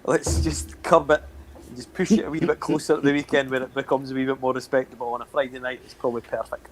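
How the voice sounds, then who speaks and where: A man's voice: medium pitch, level tone, fast talker, a little hiss or hum, rough recording. A Scottish man in his thirties, a former footballer, chatting as co-host with laid-back, joking banter. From Scotland. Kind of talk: casual podcast chat.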